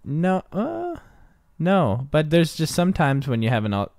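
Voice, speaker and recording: A man co-hosting a casual podcast, telling rambling stories with halting restarts and acting out what people said. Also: on the high side, wildly swooping pitch, gravelly, a little mellow, no echo, clean studio sound. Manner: rambling storyteller, halting restarts, acts out quotes. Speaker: podcast co-host. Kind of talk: casual chat.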